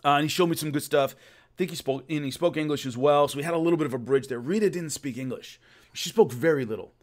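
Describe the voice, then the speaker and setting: A man's voice: fairly high pitch, fast. Chatty man telling a rambling story. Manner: rambling, many restarts, laughs at his own story. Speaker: host recalling filming a fight show. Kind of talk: casual storytelling monologue.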